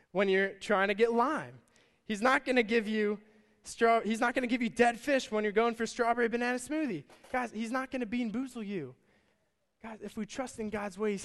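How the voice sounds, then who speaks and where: A man preaching a sermon in a lively conversational way, calling his listeners guys, at a church service. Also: high voice. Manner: energetic, conversational, addresses crowd as guys. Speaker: pastor. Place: church service with stage and band. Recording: long church hall reverb.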